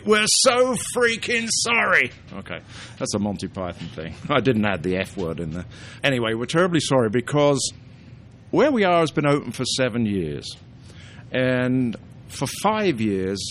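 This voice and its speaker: A British man hosts a casual podcast with a jokey, animated manner. His pitch swings widely from phrase to phrase, and a faint low rumble sits behind him. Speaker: podcast host.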